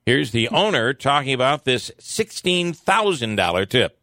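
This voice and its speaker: A man's voice: mid-range voice, measured pace, slight background noise. A man hosting a radio show, reading quirky news items and chatting casually with plenty of fillers. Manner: relaxed, chatty, many fillers.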